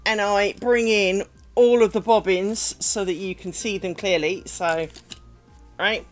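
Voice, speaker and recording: A woman's voice: mid-range voice, fairly even intonation, measured pace, faint music behind. Chatty English woman with a London-ish accent. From England. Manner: chatty, rambling, muttering to herself while working. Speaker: craft streamer. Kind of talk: casual live-stream chat while making lace.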